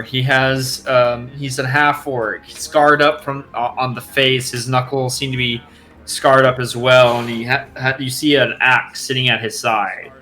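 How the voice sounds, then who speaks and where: A man's voice: mid-range voice, level tone, a little slow, sharp tone, faint music behind. A man acting as game master, narrating a tabletop game in a rambling, self-correcting way.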